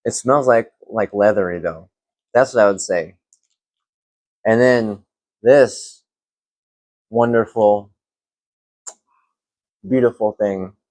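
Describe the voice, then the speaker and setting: A young man reviewing fragrances in a casual vlog, relaxed and rambling with lots of fillers. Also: fairly low pitch, slow pace, long pauses, no room sound.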